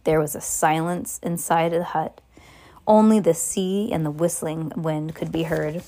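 A woman's voice: sits low, steady tone, measured pace, warm tone. A woman reading a novel aloud in an unpolished way, with slips and asides to a listener. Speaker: reader.

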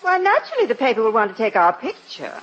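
An actress playing a sweet, coaxing wife who gets flustered, in 1940s radio comedy style. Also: female voice, on the high side, wildly swooping pitch, fast talker, fairly bright tone, full character voice. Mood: sweetly coaxing. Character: fussy, scheming middle-aged wife. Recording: muffled old radio broadcast.

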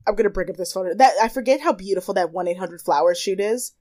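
A woman's voice: mid-range voice, fast, a little mellow, dry recording. A young woman co-hosting a podcast, talking casually and animatedly, often quoting people in exaggerated voices and laughing. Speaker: podcast co-host. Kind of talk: casual chat.

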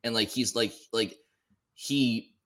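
A man's voice: mid-range voice, fairly even intonation, takes it slowly, a bit bright. A man co-hosting a casual sports talk show, rambling and often stumbling over repeated words. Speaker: podcast co-host.

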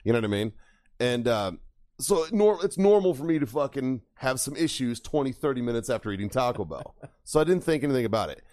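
A man's voice: mid-range voice, expressive, fast talker, darkish tone, no room sound, clean studio sound. A man in his thirties hosting a podcast, telling a rambling story in casual chat, swearing constantly and laughing at himself. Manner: rambling, laughs at own stories. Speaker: podcast host.

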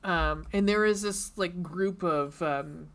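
A woman's voice: lowish voice, takes it slowly. Rambling woman podcast co-host. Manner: rambling with many fillers and restarts. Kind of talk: casual chat.

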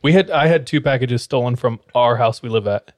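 A man in casual conversation, telling a story with plenty of animation. He acts out the people in it as he goes. His voice sits at a middling pitch, recorded close in a dry room. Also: a little fast, darkish tone, dry recording.

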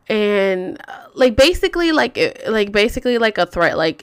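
A young woman tells a heated personal story straight to her viewers, swearing freely and jumping into the voices of everyone involved. Her pitch sits in the middle for a woman. The sound is dry and close, with no room around it. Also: moderate pace, clear, resonant tone, no echo. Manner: profane, animated, acts out quotes. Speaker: vlogger telling a story. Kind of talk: casual storytime to camera.

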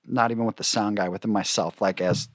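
A man, a guest musician, telling a story in a casual, animated way, swearing freely and laughing often between his lines. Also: fairly low pitch, fast talker, no echo. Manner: animated, profane, laughs often, lots of fillers.

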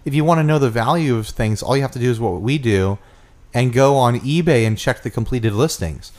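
A man's voice: medium pitch, a little fast, a little mellow. A man co-hosting a casual podcast chat, talking loosely with fillers and teasing his co-host. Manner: chatty, teasing, thinks aloud with fillers.

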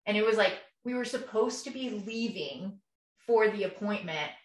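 A woman's voice: medium pitch, animated, normal speed. Young woman, podcast co-host, chatty and emotional storyteller, roomy distant sound. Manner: emotional retelling with acted-out quotes, many fillers. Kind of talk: casual conversational storytelling. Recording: echoey room, voice a bit far from mic.

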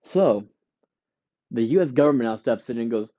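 A podcast host, ranting casually and profanely, acting out quick voices for companies and shoppers. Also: male voice, mid-range voice, animated, mellow, muffled recording. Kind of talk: casual rant.

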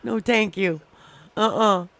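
A woman's voice: mid-range voice, slow pace, vocal fry, a bit bright. A woman co-hosting a podcast, talking bluntly and laughing often between lines. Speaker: podcast co-host. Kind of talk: casual chat, storytelling.

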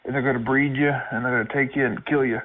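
A man's voice: mid-range voice, steady tone, fast talker. A man making an angry prank phone call, swearing and issuing threats in a ranting manner. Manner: profane, threatening rant. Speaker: prank caller. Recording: tinny phone line.

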